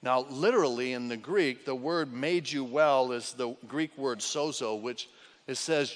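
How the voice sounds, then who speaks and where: A male pastor preaching a sermon with dramatic swings between loud cries and hushed lines. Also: mid-range voice, a little slow. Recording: long hall reverb.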